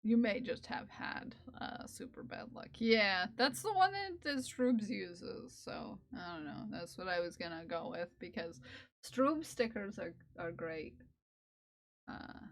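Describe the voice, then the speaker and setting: A woman's voice: medium pitch, animated, a little slow, creaky. A woman live streamer chatting casually with her viewers while knitting, playfully and teasingly scolding them in mock outrage. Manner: giggly and teasing.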